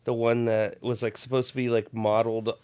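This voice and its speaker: A man's voice: mid-range voice, level tone, darkish tone, clean tone. A man co-hosting a podcast, chatting casually and chiming in with short reactions. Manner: unhurried, chimes in with short reactions. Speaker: podcast co-host. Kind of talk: casual chat.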